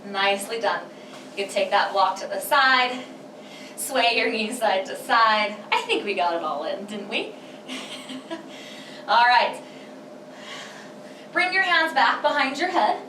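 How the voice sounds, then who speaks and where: A woman's voice: a little high, lively intonation, slow, long pauses, sharp tone, slight background noise. A woman leading a pilates workout, counting breaths and reps in an encouraging way, slightly out of breath. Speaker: pilates instructor. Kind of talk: guided workout instruction. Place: home workout space. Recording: echoey room, mic at a distance.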